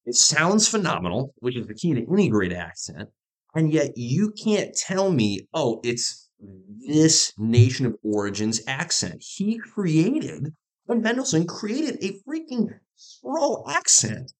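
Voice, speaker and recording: Animated, emphatic man on a podcast. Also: fairly high pitch, measured pace. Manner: emphatic and animated, stresses words for effect. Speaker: podcast co-host. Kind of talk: casual chat about movies and shows.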